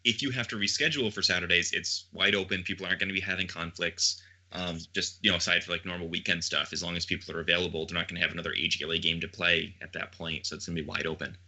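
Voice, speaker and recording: A man co-hosting a casual podcast, laughing often and thinking aloud in quick bursts. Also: low-pitched, steady tone, pushed and bright. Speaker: podcast co-host.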